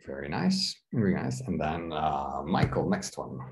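A man's voice: very deep voice, sing-song, a little slow, vocal fry. A man teaching an online English class, encouraging and explaining with examples. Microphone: video call.

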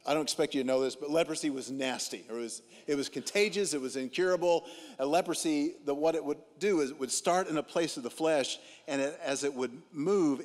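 A man preaching a sermon as a guest speaker, telling stories with comic timing and acting out what people said. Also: medium pitch. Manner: comic, animated storytelling with acted-out dialogue. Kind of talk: humorous sermon storytelling. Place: church auditorium. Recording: long reverb of a large hall.

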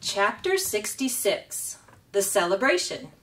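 A woman reading a children's book aloud in a slow, expressive way as a storytime host. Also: medium pitch, far from the mic.

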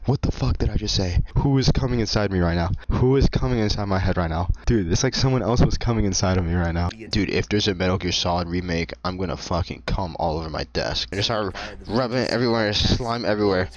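A young man streaming a game at his home desk, trading crude, profane banter and breaking into sudden shouts. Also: deep voice, quick pace, hardly any pauses, muffled recording. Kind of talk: casual live-stream gaming chat. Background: game music playing.

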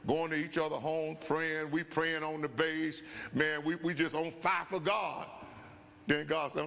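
A man in his seventies, a bishop, telling a folksy, animated story at a Bible study, often saying "man" and "guess what.". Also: on the high side, measured pace, gravelly. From USA. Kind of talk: storytelling sermon. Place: church sanctuary. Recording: church hall with long reverb.

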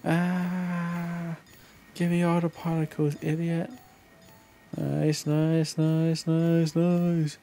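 A man streaming a video game live, chatting casually, excitable and profane, with playful shouted exclamations. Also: fairly high pitch, extremely slow, vocal fry. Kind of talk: casual live gameplay commentary. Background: faint game music.

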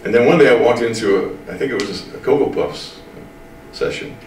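A man's voice: medium pitch, a little mellow, slight background noise. Older man, interview storytelling, drawling, emphatic, distant mic, roomy echo. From American Midwest. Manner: drawling, slow to get things said, emphatic. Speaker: voice actor interviewee.

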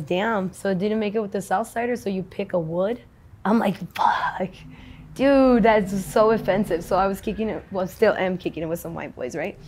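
A woman's voice: mid-range voice, darkish tone. A young adult woman in a casual street interview, talking in a rambling, slangy, profane way.

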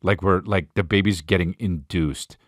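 A man's voice: sits low, fairly even intonation, normal speed, dry recording, clean studio sound. A man hosting a podcast, telling a crude, rambling comedic story. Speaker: podcast host.

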